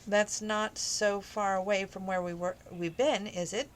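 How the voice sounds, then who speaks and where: A woman's voice: medium pitch, steady tone, a little slow, noisy background, natural voice. A woman voicing a cheerful young wife who keeps her feelings guarded while reading a romance novel aloud. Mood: light.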